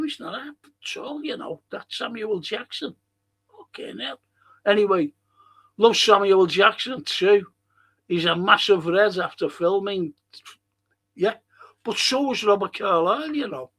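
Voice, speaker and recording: Older Scouse man hosting a fan podcast live. Rambling, swears a lot, voice sits slightly high. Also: bright, forceful tone, slightly rough. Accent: Liverpool (Scouse). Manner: rambling, swears freely, reads out chat comments. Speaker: podcast host. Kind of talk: casual live-stream chat.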